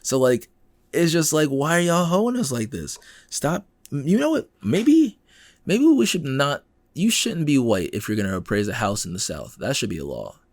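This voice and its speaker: Animated, exasperated male podcast host. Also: medium pitch, normal speed, no room sound, clean studio sound. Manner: animated and exasperated, acts out quoted people, swears freely. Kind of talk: casual news commentary.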